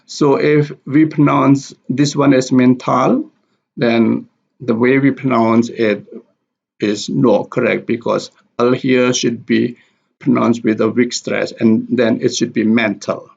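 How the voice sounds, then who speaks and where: Man, pronunciation teacher, husky voice, deliberate repeated examples, lo-fi sound. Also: mid-range voice, little pitch movement, darkish tone. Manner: repeats example words deliberately, drawn-out syllables. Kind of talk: slow explanatory lesson with spoken examples. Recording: dull lo-fi recording.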